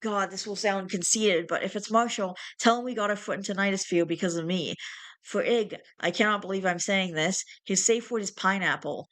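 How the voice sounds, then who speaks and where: A woman's voice: mid-range voice, moderate pace, a bit bright, natural voice. A woman voicing an anxious young man urgently searching for someone, in a storybook reading. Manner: urgent, worried.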